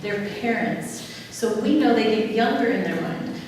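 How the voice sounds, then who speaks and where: A woman's voice: fairly high pitch, lively intonation, unhurried, a little mellow. Woman giving a talk in an echoey hall. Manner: asks the audience questions and answers them herself. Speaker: speaker on dementia care. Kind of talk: lively public talk to a live audience. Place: large hall. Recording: echoey hall from far off with faint ambience.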